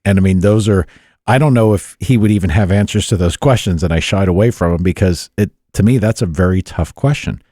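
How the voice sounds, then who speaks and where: A very low, dark-toned man talks loosely in a dry studio, rambling and cursing freely. He is a podcast host chatting with his co-hosts. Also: fairly quick, no room sound. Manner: rambling, casual, swears freely. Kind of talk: casual studio chat.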